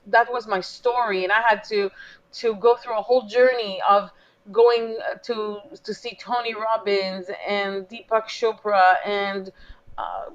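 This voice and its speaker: A woman's voice: mid-range voice, lo-fi sound. A woman business coach, a guest in an interview, telling a personal story with feeling and acting out the dialogue she quotes.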